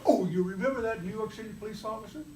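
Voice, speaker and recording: A man with a high voice delivers a humorous club speech, teasing his listeners with playful examples. He sounds roomy and set back from the mic, with faint noise behind him. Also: rapid-fire, warm tone, far from the mic. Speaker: club speaker. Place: meeting room.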